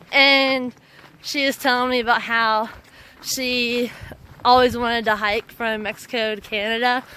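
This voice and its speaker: A woman hiker telling stories to the camera outdoors, chatty and animated, laughing often. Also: a little high, slight background noise. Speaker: long-distance hiker vlogger. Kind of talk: casual storytelling to camera. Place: outdoors by a trail road.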